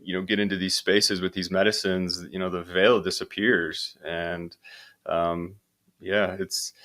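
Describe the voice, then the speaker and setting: A man with a very low voice recounts an experience in a rambling interview style, full of fillers and restarts. He sounds like a young adult guest on a podcast. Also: flat delivery, a little slow, sharp tone. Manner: meandering, with many fillers and restarts. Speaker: podcast guest, hemp company founder. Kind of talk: relaxed interview talk.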